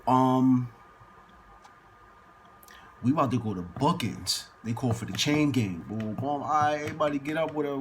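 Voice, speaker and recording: Over slight background noise, a man with a medium-pitched voice shares an easygoing story in cussing, slangy street language. He acts out the people involved in energetic bursts.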